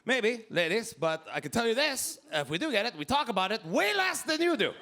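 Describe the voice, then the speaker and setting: A man in his fifties with a Québécois French accent doing a loud, animated stand-up set, shouting his punchlines. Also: extremely high pitch, fairly quick, a little hiss or hum. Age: 50s. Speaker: stand-up comedian. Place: comedy club stage. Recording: live club with loud crowd laughter. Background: audience laughing.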